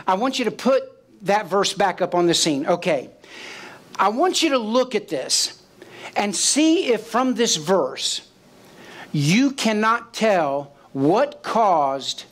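A man preaching a sermon as pastor, asking the congregation questions and acting out quoted voices. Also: sits high. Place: church sanctuary.

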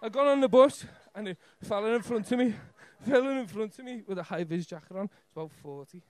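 High-voiced nervous Scouse comic. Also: male voice, brisk, no echo. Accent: Liverpool Scouse. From Liverpool, England. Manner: nervous, rambling, heavy swearing. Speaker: stand-up comedian. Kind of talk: rambling live stand-up set. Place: comedy club stage.

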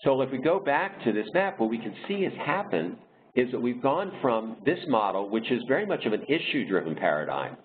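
A man presenting a webinar over slides, explaining in a measured way with frequent pauses and restarts. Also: mid-range voice, sing-song. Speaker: diversity consultant leading a webinar. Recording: tinny phone-like line with faint noise.

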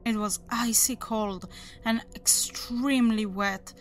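Slow, deliberate woman narrating horror. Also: a little high, steady tone, slight background noise. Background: faint background music.

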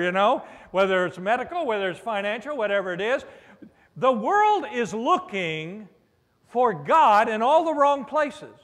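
A man's voice: very high-pitched, a bit bright. A man preaching a sermon as pastor, calling out for amens and mixing in playful asides. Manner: preacherly, with call-and-response "amen?" and playful asides. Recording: long reverb of a large hall.

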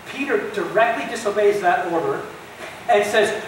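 A male pastor delivers a sermon with animated emphasis and talks straight to his listeners. His voice rings through a very reverberant church. It is picked up from a distance, with a faint hiss underneath. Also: sits high, moderate pace. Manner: animated storytelling preacher, addresses listeners directly. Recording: very echoey distant church recording.

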